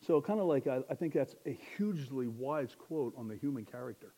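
A young man preaching a sermon, building to loud, impassioned exhortation. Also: mid-range voice, animated, brisk.

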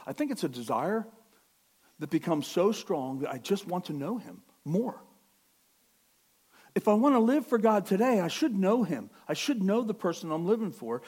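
Animated high-voiced male preacher. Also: normal speed, long pauses, husky. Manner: animated, swings from quiet to near-shouting; self-correcting, conversational with asides. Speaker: pastor. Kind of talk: sermon.

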